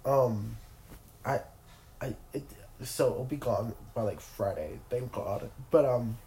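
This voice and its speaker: Nasal, sick young man with a mellow voice. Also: medium pitch, slow, reverberant, slight background noise, poor audio. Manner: rambling, filler-heavy, self-interrupting. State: sick with a cold. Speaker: podcast host. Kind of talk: casual solo chat. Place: in bed at home.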